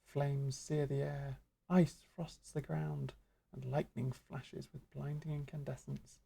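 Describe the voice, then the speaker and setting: Lady doing a pompous old-style mage mentor, slow and grand, gravelly dark voice, kinda husky. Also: rumbling low, level tone, heavily acted. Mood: grandiose. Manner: florid, archaic, lecturing delivery. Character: grandly theatrical magic guild master mentor.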